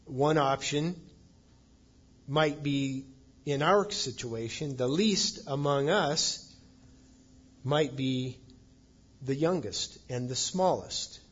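A man's voice: medium pitch, slow, pauses often, a bit bright, husky, muffled recording. A man preaching a sermon as pastor, reading scripture aloud and stressing points with emphasis.

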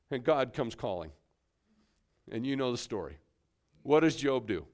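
A man preaching a sermon emphatically, swinging between hushed and forceful delivery. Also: mid-range voice, big pitch swings, unhurried, pauses often.

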